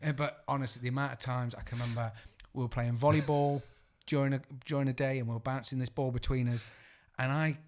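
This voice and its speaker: A young adult man co-hosting a podcast, telling lively, profanity-laden anecdotes. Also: medium pitch, fast talker, few pauses. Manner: swearing, animated anecdote-teller. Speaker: podcast co-host. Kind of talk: casual podcast chat.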